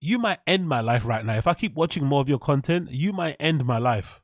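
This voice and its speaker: A man's voice: mid-range voice, animated, fairly quick, no echo, clean studio sound. A man hosting his own podcast, ranting sarcastically about a clip, blunt and swearing, often laughing. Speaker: podcast host. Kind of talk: casual rant reacting to a clip.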